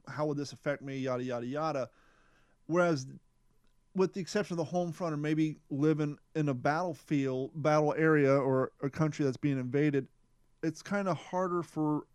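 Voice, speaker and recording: A man's voice: medium pitch, a little mellow, clean tone, dry recording. A man co-hosting a podcast, thinking aloud in a casual discussion. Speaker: podcast co-host.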